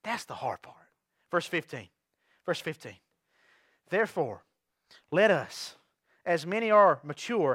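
A man preaching a sermon to his church, telling stories with big swings from quiet asides to shouts. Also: fairly high pitch, no room sound, clean studio sound. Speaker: pastor.

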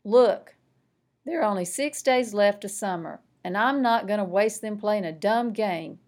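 A woman voicing an angry, sulky young boy in a children's storybook reading, speaking loud and raised. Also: mid-range voice, unhurried, close to an everyday voice. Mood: grumpy.

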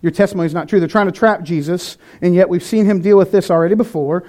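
A man's voice: sits high, quick pace, dark tone. A man preaching a sermon in an earnest, conversational way, with some restarts. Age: adult, past eighteen.

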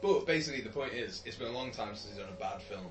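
A man's voice: mid-range voice, expressive, racing, recorded from a distance. A man co-hosting a casual movie commentary podcast, laid-back and opinionated about films. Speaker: podcast co-host. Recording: echoey room, music behind.

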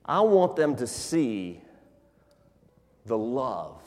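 A male pastor preaching a sermon in a church, telling stories with animated delivery. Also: mid-range voice, very slow. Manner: animated storyteller, acts out scenes. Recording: long hall reverb.

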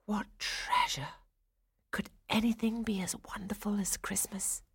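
A gentle, dreamy little girl, as a woman narrator puts her on in a storybook reading. Her voice sits noticeably higher and lighter than the narrator's own, and she speaks softly and in a hush. The recording is close and dry. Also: steady tone, unhurried, gravelly, breathy edge, no room sound, whispered, heavily acted. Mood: hushed wonder. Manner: soft, hushed delivery.

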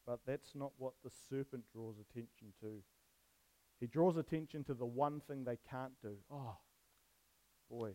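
A man's voice: mid-range voice, warm tone, poor audio. A man preaching on a Bible passage in a casual, jokey way, often putting questions to his listeners. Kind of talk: casual sermon with questions to the audience.

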